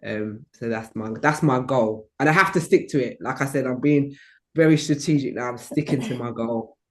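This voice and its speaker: A man's voice: medium pitch, normal speed. A man, a business coach, chatting casually and rambling through his plans with frequent restarts and self-corrections. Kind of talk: casual conversation.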